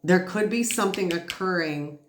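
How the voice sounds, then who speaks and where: A tired woman giving a casual, reassuring spiritual tarot reading, chatty and quick to laugh. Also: fairly low pitch, slight background noise. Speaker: tarot reader. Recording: roomy echo.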